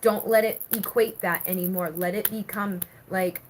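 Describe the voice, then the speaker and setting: A woman's voice: mid-range voice, steady tone, moderate pace, hardly any pauses, slight background noise, low-quality recording. A woman doing a live-stream tarot reading, reading viewer comments aloud and talking through the cards in a chatty way with many fillers. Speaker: tarot reader.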